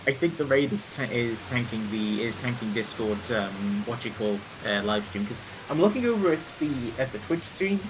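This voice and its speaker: A man's voice: medium pitch, animated, moderate pace, few pauses, background noise. A man chatting casually while hosting a game read-along stream, rambling and correcting himself. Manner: rambling, self-correcting, laughs easily. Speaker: stream host reading a game. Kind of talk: casual chat.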